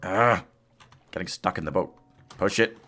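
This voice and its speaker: A man's voice: low voice, unhurried, sharp tone. A man streaming a game live, chatting casually with his chat, laughing often and coaxing his companion along. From United Kingdom.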